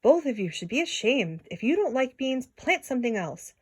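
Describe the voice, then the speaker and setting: A woman's voice: sits high, sing-song, normal speed, breathy edge, voice pushed up, heavily acted. Lady reading as a bossy giant wife, snappy scolding, storybook voice. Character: bossy practical giant housewife.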